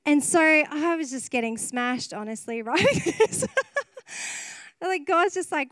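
A woman's voice: high-pitched, lively intonation, slow pace, fairly bright tone, no echo. A woman preacher giving an earnest, emotional sermon at a church service, often laughing between phrases.

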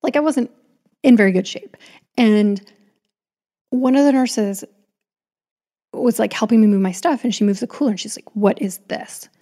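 Chatty woman with a gravelly edge. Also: a little high, normal speed, pauses often, dark tone. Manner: chatty, frequent restarts and asides. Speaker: storyteller. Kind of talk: casual personal storytelling.

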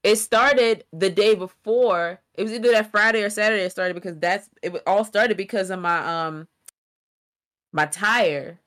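A woman's voice: medium pitch, moderate pace, a bit bright. Woman on a couples podcast, keeps restarting her sentences, insistent. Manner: insistent, detailed explaining with many restarts. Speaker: podcast co-host. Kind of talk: casual chat.

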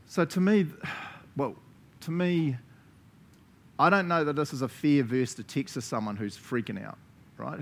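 A male pastor with a New Zealand accent delivers a lively sermon at a middle pitch, laughing often between phrases. He talks straight to his listeners, checking in with them again and again. A faint low rumble sits behind his voice.

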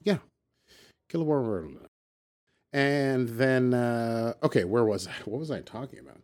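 A man's voice: medium pitch, animated, darkish tone. Rambling man recapping with playful asides. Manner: rambling, playful, does quick character voices when quoting. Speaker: podcast co-host. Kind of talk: casual recap chat.

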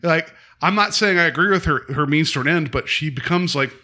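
Bright-voiced man in casual chat. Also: on the high side, brisk. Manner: rambling, lots of fillers, acts out quotes with laughs.

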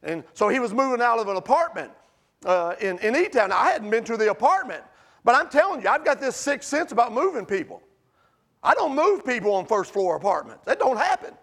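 Middle-aged man, pastor in the pulpit; high, gravelly voice, impassioned with hushed asides. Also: big pitch swings, fairly quick. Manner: impassioned preaching, dropping to hushed pleading. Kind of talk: sermon. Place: church sanctuary.

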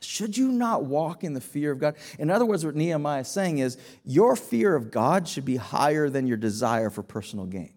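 High-voiced emphatic male preacher. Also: very animated, normal speed, few pauses, darkish tone. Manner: emphatic preaching with rhetorical questions and repeated restarts. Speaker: pastor. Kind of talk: sermon.

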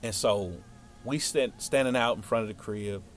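A man telling a story from his childhood in a casual, slangy, animated way. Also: fairly low pitch, moderate pace, soft background music.

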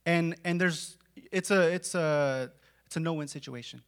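A man preaching a sermon in a conversational way, full of "like" and "right?", dropping to a hush and then rising to shouts. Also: a little high, normal speed, clear, resonant tone. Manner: dramatic swings from hushed to shouting.

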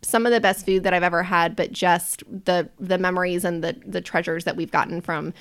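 A woman's voice: fairly low pitch, fairly even intonation, fairly quick, clear, resonant tone. Frank, laughing woman guest. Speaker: podcast guest. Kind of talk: casual chat.

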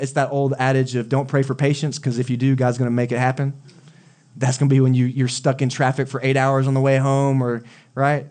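A man's voice: medium pitch, a little mellow. A young adult man preaching a sermon, talking conversationally and telling stories with asides to the congregation. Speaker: pastor.

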